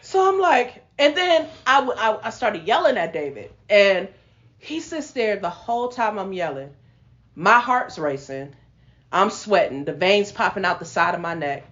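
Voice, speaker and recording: A woman hosting a podcast, telling a personal testimony in animated, casual storytelling that breaks into laughter. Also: mid-range voice, measured pace. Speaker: podcast host. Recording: lo-fi sound.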